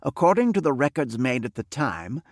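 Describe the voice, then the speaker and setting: A man's voice: mid-range voice, sing-song, no echo, studio quality. A man reading as a reserved wealthy man near fifty. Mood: earnest. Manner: measured, formal. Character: wealthy middle-aged man, reserved and cryptic. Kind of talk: audiobook character reading.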